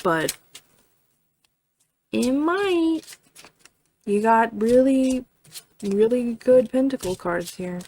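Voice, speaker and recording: A tarot reader with a fairly high voice, slow pace, and dark tone gives a casual reading in a chatty way. She's full of fillers, keeps checking in with "right?", and swears now and then.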